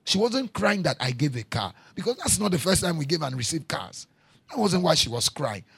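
A man preaching a sermon, repeating his lines, moving from quiet storytelling to shouting. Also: on the high side, big pitch swings, brisk, vocal fry, husky, no echo. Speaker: pastor.

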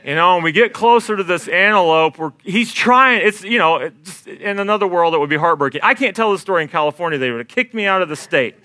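A young man telling a comic story in an animated, self-deprecating way, often laughing through his own lines. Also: high voice, fast talker, few pauses, dry recording.

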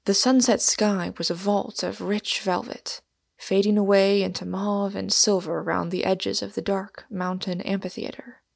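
A woman's voice: medium pitch, little pitch movement, creaky, dry recording. Woman narrating a novel, dry close sound. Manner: measured, descriptive storytelling. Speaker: audiobook narrator. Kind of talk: scripted literary narration.

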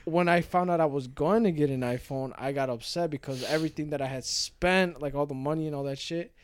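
Brief: young man, casual storyteller, animated, swears freely, slight background noise. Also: a little high, brisk. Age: young adult.

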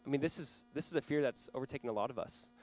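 A man's voice: mid-range voice, rapid-fire, darkish tone, faint music behind. A man in his thirties preaching a sermon as pastor, conversational and earnest, with small laughs and restarts.

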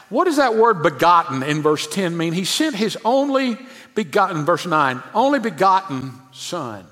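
A man with a high voice preaches a sermon, pressing his points hard and then falling to a near hush. His words ring out with a long reverb in a church sanctuary. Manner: emphatic preaching, often dropping to a hushed low voice. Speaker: pastor.

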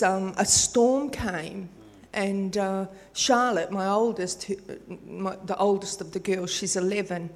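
Older woman, grandmother, church testimony, halting, rambling, reverberant hall. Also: mid-range voice, a little mellow. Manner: rambling, halting, with many fillers. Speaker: church member sharing a testimony.

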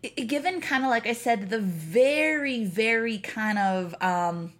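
A woman's voice: on the high side, animated, a little slow, fairly bright tone. Woman, podcast co-host, casual movie chat, wry, sarcastic, frequent laughter.

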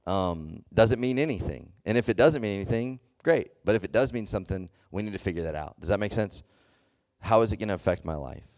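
Youth preacher, male, low voice; loose, chatty delivery, keeps checking the room. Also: expressive, fairly quick, a little mellow, no room sound, clean studio sound. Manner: conversational, checks in often with "okay?" and "does that make sense?"; loose and chatty, with many fillers and restarts. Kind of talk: casual sermon to a youth group.

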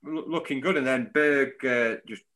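Man, podcast co-host, casual football chat, bright voice, jokey. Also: mid-range voice, moderate pace. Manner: animated, jokey, laughs often.

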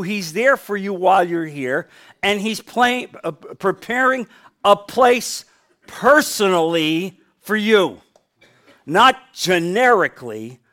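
A middle-aged male pastor from New Jersey preaching a sermon, swinging from loud to quiet with emphasis. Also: high voice.

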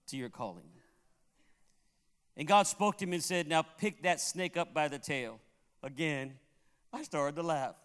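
Standing in a church sanctuary, a Puerto Rican pastor works humorous stories into his sermon and chuckles at his own tales. His voice is smooth and a little high, and a long hall reverb fills the recording.

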